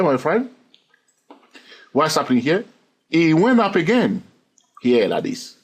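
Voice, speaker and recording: Male trading instructor, husky voice, bouncy pitch, walks through a chart and keeps asking "okay?". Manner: checks in constantly with "okay?" and "yes or no?"; repetitive, counting waves aloud. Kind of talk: chart walkthrough lesson.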